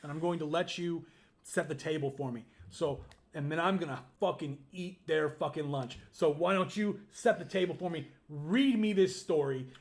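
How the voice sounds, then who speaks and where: A man co-hosting a podcast, ranting angrily with constant profanity and bursts of shouting. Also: a little high, moderate pace. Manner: angry, profane, shouting rants. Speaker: podcast co-host.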